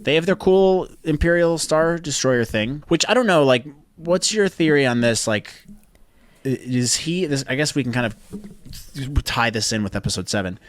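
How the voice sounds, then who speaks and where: A man's voice: medium pitch, lively intonation, normal speed. A man co-hosting a podcast, recapping an episode in casual, rambling, jokey chat. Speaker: podcast co-host.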